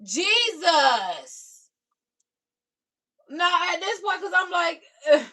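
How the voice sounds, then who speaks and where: A woman's voice: very high-pitched, sing-song, extremely slow, pushed and bright. A young woman, reacting to viewer comments on her live stream in sassy casual chat. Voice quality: raspy. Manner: sassy, talks back to commenters.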